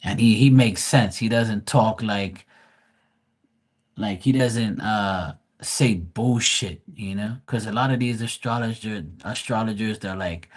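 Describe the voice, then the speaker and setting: Profane, rambling man, lowish voice. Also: measured pace. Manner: blunt, profane, rambling with many restarts. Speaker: live stream host. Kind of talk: casual livestream chat.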